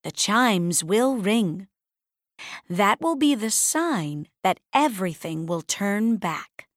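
A woman's voice: mid-range voice, very animated, slow pace, dry recording, clean studio sound. A woman voicing a wise, kind old woman who helps the heroine in a storybook. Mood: gentle.

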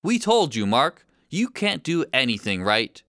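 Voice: medium pitch, very animated, a little slow, dry recording, clean studio sound. A reader voicing a pushy, scolding shoal of fierce hunting sharks in a storybook read-aloud. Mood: scornful. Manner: bossy, scolding, loud.

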